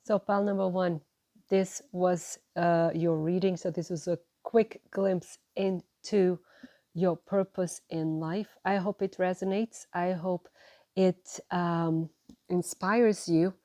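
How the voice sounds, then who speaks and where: A woman giving a gentle, encouraging tarot reading to her viewers, often checking in with "right?" and "you know". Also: on the low side, fairly even intonation, takes it slowly, no room sound. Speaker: tarot reader.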